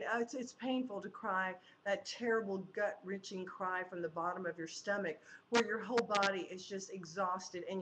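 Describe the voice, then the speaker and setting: A woman hosting a talk show, agreeing emphatically and giving gentle advice. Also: medium pitch. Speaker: host. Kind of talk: casual talk show chat. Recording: noisy background hiss.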